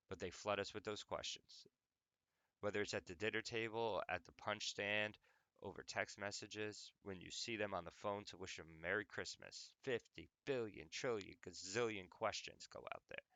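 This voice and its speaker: A man's voice: fairly low pitch, moderate pace, pushed and bright, no echo. A young adult man hosting an audio podcast, talking casually in a rambling, profane, joking way. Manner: rambling, profane, jokey, many "like"s. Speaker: podcast host. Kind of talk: casual monologue.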